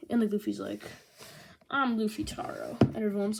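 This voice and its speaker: Chatty sarcastic woman with a gravelly edge. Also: mid-range voice, level tone. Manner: chatty, sarcastic, recaps with quick impressions. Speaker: manga reviewer. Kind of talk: casual chat.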